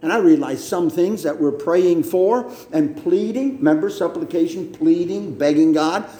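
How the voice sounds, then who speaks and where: Emphatic preacher in an echoey room. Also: male voice, a little high, dark tone. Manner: emphatic, repeats words, slow deliberate teaching. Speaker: pastor. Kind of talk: sermon. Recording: roomy echo.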